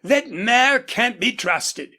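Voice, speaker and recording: A woman doing a gruff, husky old rancher dad. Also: a little high, lively intonation, slow, bright, forceful tone, voice pushed up, full character voice. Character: gruff older male rancher, horse-proud indulgent father. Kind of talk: audiobook character voice.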